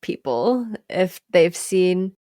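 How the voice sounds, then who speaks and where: Slow-talking woman playing a tabletop game. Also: lowish voice, very animated, warm tone, no echo, studio quality. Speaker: player. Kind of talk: in-character tabletop play.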